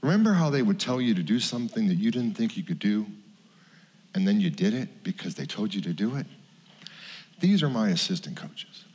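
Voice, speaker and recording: Middle-aged male pastor, low voice, conversational sermon storyteller, long church reverb. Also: brisk. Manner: conversational, animated storyteller acting out quotes. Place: church sanctuary.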